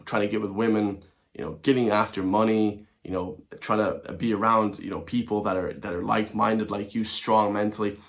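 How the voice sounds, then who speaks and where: A man's voice: lowish voice, fairly bright tone. A man in his thirties with an Irish accent, ranting through an opinionated commentary vlog with frequent laughs. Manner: ranting, laughs often, keeps saying "guys". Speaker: vlogger.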